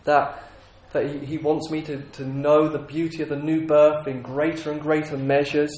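Man, earnest preacher, slightly high voice, roomy echo. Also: little pitch movement, normal speed, a little mellow. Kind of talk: sermon.

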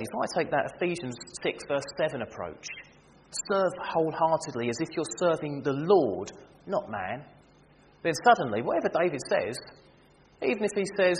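A man preaching a sermon, animated and humorous, acting out everyday scenes to make his point. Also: fairly high pitch. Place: church. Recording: reverberant church hall with faint noise.

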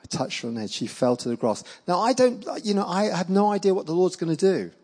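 A middle-aged man preaching, telling healing stories with lively acted-out quotes. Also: sits high, fast. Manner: animated storyteller acting out quoted voices. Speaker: evangelist preacher. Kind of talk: sermon storytelling.

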